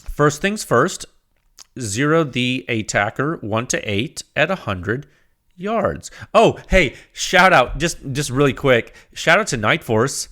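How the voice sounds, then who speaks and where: A man hosting a casual solo podcast, rambling and animated, with frequent restarts, laughs and acted-out quoted exchanges. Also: mid-range voice, slow. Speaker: podcast host.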